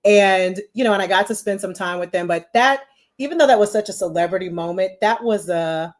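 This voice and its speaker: Speaking fairly quickly in a mid-range voice, this forties-aged marketing executive swaps stories as a podcast guest. The interview is casual, and she's animated and talkative, dropping "you know" again and again.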